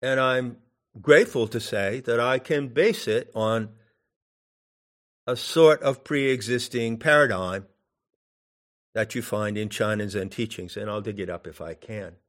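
A man giving slow meditation instruction in drawn-out phrases with long pauses. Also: medium pitch. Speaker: meditation teacher.

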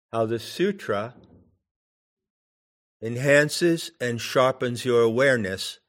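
Slow, deliberate male meditation teacher. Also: medium pitch. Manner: deliberate, drawn-out phrasing with long pauses.

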